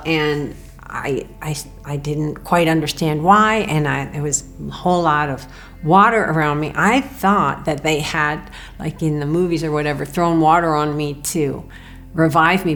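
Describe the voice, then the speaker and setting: A woman's voice: deep voice, a bit bright. A woman recounting a personal experience in an earnest, emotional way, quoting her own thoughts. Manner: earnest, emotional retelling with quoted inner thoughts. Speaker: near-death experience storyteller. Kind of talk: personal testimony.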